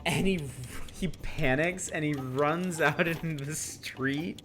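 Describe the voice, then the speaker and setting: A man's voice: a little high, slow, fairly bright tone, slight background noise. A man chatting casually with his viewers while he streams a video game. He rambles, greets chat by name and laughs often. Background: game music.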